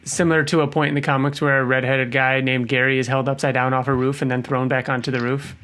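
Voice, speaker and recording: A man co-hosting a podcast, chatting casually and acting out quotes in a raised voice. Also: fast talker. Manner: animated, acts out quotes in a higher voice. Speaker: podcast co-host. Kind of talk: casual chat.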